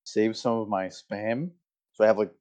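A young man with a fairly low, slightly mellow voice co-hosts a casual podcast, speaking at normal speed with fairly even intonation. He tells stories hesitantly, packing them with fillers, and the lo-fi mic sounds dull.

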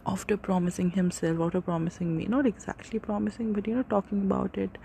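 A woman's voice: medium pitch, flat delivery, normal speed, gravelly, pauses often, a little mellow, a little hiss or hum. A young woman in her twenties hosting a casual solo podcast, rambling and swearing freely as she corrects herself. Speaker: podcast host.

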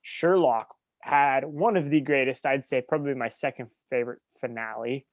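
A man's voice: mid-range voice, normal speed, no echo. Enthusiastic man gushing in casual chat. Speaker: podcast co-host.

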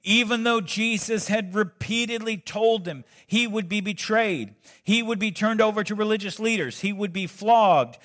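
A man's voice: high-pitched, moderate pace, few pauses, a bit bright. A male pastor preaching a sermon in a conversational way, breaking in with joking asides.

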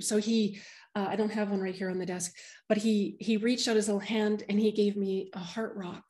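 A woman's voice: mid-range voice, fairly even intonation, normal speed, darkish tone. A middle-aged woman who works as a medium, telling a heartfelt personal story in an interview, often restarting her sentences.

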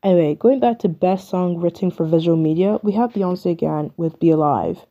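A young woman chatting on her own podcast, opinionated and loose, with "like" dropped into every thought. Her voice sits low and has a gravelly fry to it. The recording sounds dull and lo-fi. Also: normal speed, warm tone. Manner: chatty, opinionated, filler-heavy with "like". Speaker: podcast host. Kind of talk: casual solo podcast chat.

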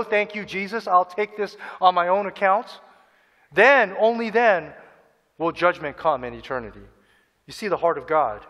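An earnest male preacher delivering a sermon, his voice pitched high and ringing bright. He acts out people's inner voices and repeats key phrases for emphasis. A long reverb trails behind him in a large hall. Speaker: pastor.

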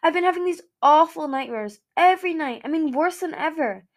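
Soft earnest girl dragon, woman reading, highish voice. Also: lively intonation, fairly quick. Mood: hopeful. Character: young female dragon, gentle and hopeful.

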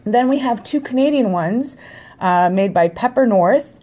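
A woman's voice: on the high side, animated, unhurried, warm tone. Upbeat woman co-hosting a podcast. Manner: upbeat, teasing banter. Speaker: podcast co-host. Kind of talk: casual chat.

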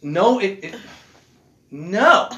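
A man rambles through casual chat in a bright, high voice that swoops up and down. He talks in an animated way and swears a lot. The room rings with echo. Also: very slow. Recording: echoey room.

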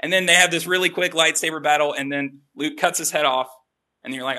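A man giving a relaxed, chatty sermon with self-deprecating asides. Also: on the high side, brisk. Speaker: preacher. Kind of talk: conversational sermon.

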